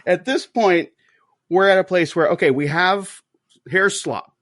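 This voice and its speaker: A man's voice: high-pitched, a little slow, fairly bright tone. A man hosting a podcast in casual chat, telling a story with animation and acting out quoted voices. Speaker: podcast host.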